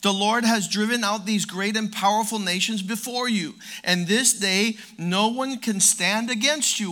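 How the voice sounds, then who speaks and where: High bright preaching man. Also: a little slow, few pauses. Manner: energetic, swings from quiet asides to loud exhortation; storytelling with playful humor. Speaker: pastor. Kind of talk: sermon.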